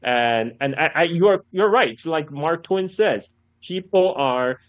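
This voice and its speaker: A man as a guest on a casual podcast conversation, telling stories in an animated way, laughing often and repeating his words as he goes. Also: on the high side, slow, no echo, dull audio. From China. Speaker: guest commentator.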